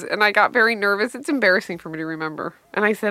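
Speaking fast with few pauses, a middle-aged woman comedian shares an animated, wry personal story and responds to interview questions. Her pitch is medium and there's no echo.

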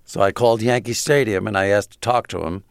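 A man guest recounting anecdotes in a dry, self-deprecating manner. His voice sits low. The studio sound is completely dry. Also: steady tone, quick pace, clean tone, no echo. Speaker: guest, comedy writer. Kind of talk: casual interview storytelling.

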